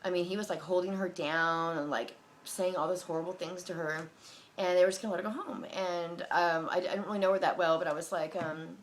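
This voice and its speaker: Speaking quickly with a lowish voice and fairly even intonation, a thirty-something vlogger shares a personal testimony. She rambles, restarts often and fills her speech with "like" and other fillers.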